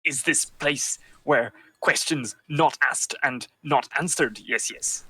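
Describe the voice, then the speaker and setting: A man playing a small shifty rat monster in a tattered robe, speaking in halting, broken phrases and repeating "yes, yes" in a tabletop game. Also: medium pitch, pushed and bright, breathy edge, no echo, full character voice, low-quality recording. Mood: furtive.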